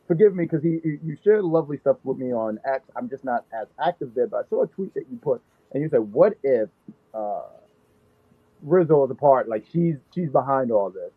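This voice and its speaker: A man's voice: fairly high pitch, animated, normal speed, no room sound. A man in his thirties co-hosting a casual wrestling chat, riffing and joking playfully. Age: 30s. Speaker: podcast co-host. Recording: thin phone-like line.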